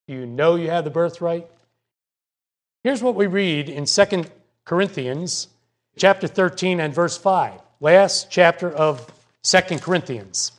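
A man preaching a sermon as pastor, measured and repeating his key points for emphasis. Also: fairly high pitch.

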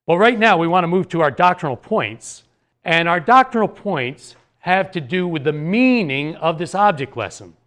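A male Bible teacher speaks in an earnest, explanatory way and often poses rhetorical questions to his listeners. His voice sits a little on the high side for a man. He talks a passage through verse by verse. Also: expressive, moderate pace, fairly bright tone.

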